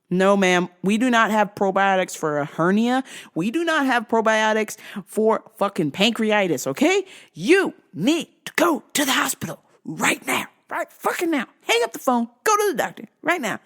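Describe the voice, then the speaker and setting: A woman hosting a vlog, telling stories in an animated, profane and exasperated way. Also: a little high, moderate pace. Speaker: host.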